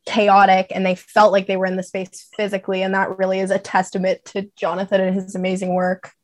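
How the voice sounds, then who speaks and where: A woman relays viewer comments to a group chat. Her voice is mid-pitched, and she speaks with a slow, dry delivery. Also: monotone, dry recording. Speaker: panelist reading chat comments.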